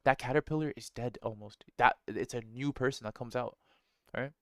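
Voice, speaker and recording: A man's voice: medium pitch, normal speed, fairly bright tone, no room sound. Blunt, slangy man in a dry room. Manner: blunt, profane, slangy, rhetorical "right?". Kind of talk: casual motivational monologue.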